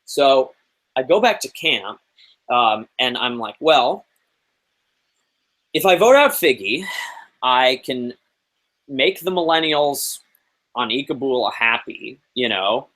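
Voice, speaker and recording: A young man in his twenties, a guest on a chat show, telling a story in a lively, animated way, full of fillers and acted-out quotes. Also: medium pitch, takes it slowly, pauses often, rough recording. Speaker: interview guest. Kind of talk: casual storytelling.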